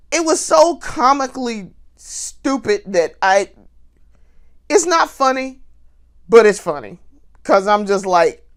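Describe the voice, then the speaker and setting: Woman vlogger with a high, bouncy voice for a casual story to camera, animated and laughing. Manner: talks straight to viewers.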